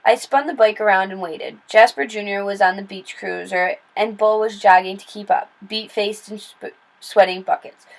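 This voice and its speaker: A woman reading a children's novel aloud in steady, plain storytelling with small slips and restarts. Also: medium pitch, normal speed, creaky, low-quality recording. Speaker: read-aloud narrator.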